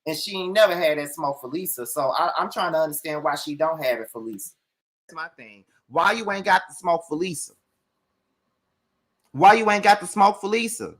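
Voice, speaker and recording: High, bright-voiced man ranting. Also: moderate pace. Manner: profane, animated, talks straight to viewers. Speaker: show recap host. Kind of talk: heated reality TV review rant.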